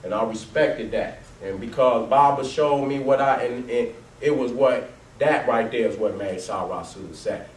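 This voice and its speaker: A man telling his life story to a live audience over photos, swearing heavily, laughing often and swinging between loud bursts and low, quiet stretches. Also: moderate pace. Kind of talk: profane, animated storytelling talk to a live audience. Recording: roomy, distant mic, faint background noise.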